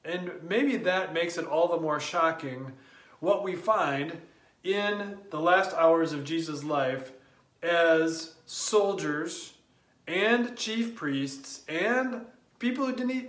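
A man giving a spoken daily devotion, talking in a slow, deliberate and reflective way. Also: high voice, fairly bright tone, echoey room. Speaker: devotional speaker.

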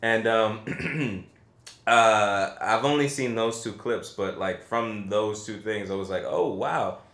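A man's voice: lowish voice, fairly even intonation, takes it slowly, a bit bright. A man co-hosting a podcast and reviewing a film in casual chat, hesitant, with many fillers and restarts. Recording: roomy echo.

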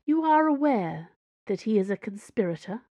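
A woman voicing a calm, politely firm and formal woman cardinal in an audiobook. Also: medium pitch, moderate pace, no room sound, lo-fi sound, pitched above the performer's own voice. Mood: serene.

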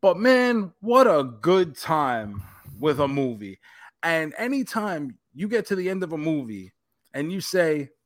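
A man co-hosting a casual podcast with a voice a little higher than most. He talks in an easygoing, reflective way and lets swear words slip in casually. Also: very animated, a little slow, no room sound, studio quality. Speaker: podcast co-host. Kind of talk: casual chat.

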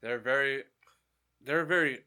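A man's voice: medium pitch, measured pace, pushed and bright. A man co-hosting a casual sports podcast, loose and candid about what he doesn't know. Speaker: podcast co-host.

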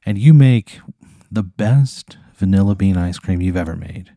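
Mellow low-voiced male storyteller. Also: a little slow, no room sound, studio quality. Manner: laid-back, profane, second-person narration. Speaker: podcast host. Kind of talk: improvised storytelling.

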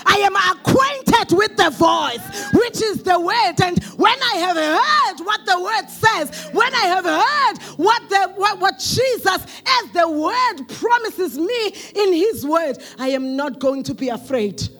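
A man preaching a sermon with impassioned shouting, chanted repetition and slow emphatic delivery. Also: very high voice, lively intonation.

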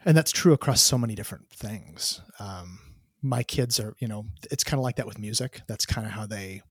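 A man's voice: lowish voice, a little fast, breathy edge, dry recording, studio quality. A middle-aged man, a father, chatting casually and agreeably, often affirming what the other says. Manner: agreeable, short affirmations, laughs easily. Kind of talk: casual conversation.

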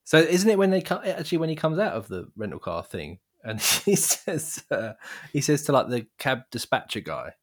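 A man's voice: medium pitch, sing-song, normal speed. A man co-hosting a casual film podcast, easygoing and laughing often as he recalls scenes. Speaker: podcast co-host. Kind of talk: casual film review chat.

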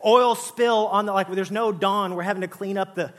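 A pastor preaching a sermon in a conversational, joking way, often saying "listen" and "all right". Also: male voice, high voice, fairly even intonation, moderate pace.

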